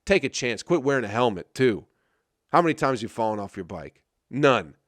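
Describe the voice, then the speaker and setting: A man's voice: medium pitch, sing-song, moderate pace, dry recording, studio quality. A man from Michigan hosting a comedy podcast, ranting in a crude, exasperated and mocking way. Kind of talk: profane comedic rant.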